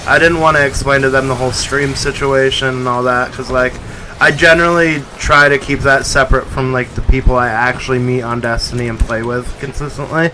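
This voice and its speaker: A man's voice: mid-range voice, steady tone, a little fast, bright, forceful tone, a little hiss or hum, poor audio. A man streaming a video game in casual, joking commentary, sometimes swearing and reading the on-screen text aloud.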